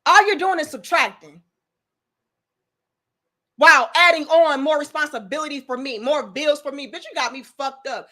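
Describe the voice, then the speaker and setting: A young adult woman hosts a commentary talk, her high voice pushed and bright. She rants bluntly and profanely, with a preachy edge.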